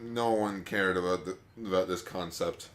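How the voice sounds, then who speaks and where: A podcast co-host in casual chat, joking, laughing and firing back quick comebacks. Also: deep voice, a little hiss or hum. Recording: echoey room.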